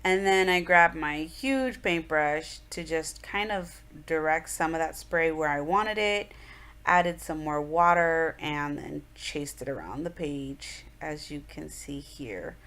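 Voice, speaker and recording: A woman's voice: sits low, slow, fairly bright tone. A woman in her thirties, chatting through an art journal tutorial in a rambling, casual voice-over with many fillers.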